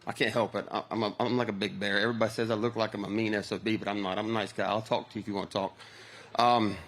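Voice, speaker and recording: A man's voice: fairly low pitch, flat delivery, fast, fairly bright tone, a little hiss or hum. A middle-aged man, a pro angler, speaking emotionally and from the heart on an outdoor stage.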